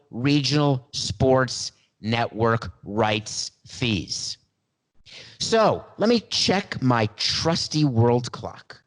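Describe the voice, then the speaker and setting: Sarcastic man hosting a sports podcast. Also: medium pitch. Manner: sarcastic, playful asides, theatrical emphasis. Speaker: podcast host. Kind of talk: sports talk monologue.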